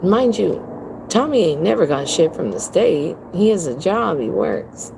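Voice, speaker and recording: A woman's voice: lowish voice, very animated, unhurried, creaky, background noise. A woman livestreaming from home on her phone, telling a story to her viewers in a blunt, profane, emphatic way and calling them "girl". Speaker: livestream host.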